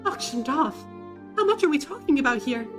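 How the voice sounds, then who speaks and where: A woman's voice: sits high, sing-song, brisk. A woman voicing a spirited, blunt teenage girl adventurer, reading game dialogue over game music. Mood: incredulous. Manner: incredulous, blunt.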